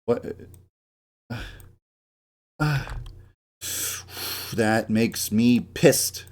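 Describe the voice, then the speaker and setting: A man's voice: medium pitch, drawn-out words, a little mellow. A man streaming his game development work, ranting, swearing a lot and mocking himself as he works. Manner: swears often, rants and grumbles to himself; self-mocking, laughs at his own jokes. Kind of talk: live-stream work commentary.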